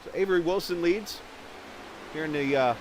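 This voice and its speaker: A man with a fairly high voice calls a sim race live, talking casually and reading chat between the action. He livens up sharply whenever a car spins or misses its stall. Faint noise runs under his voice. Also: moderate pace. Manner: chatty, reads viewer chat, gets excited at incidents. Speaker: race commentator. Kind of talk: live esports race commentary.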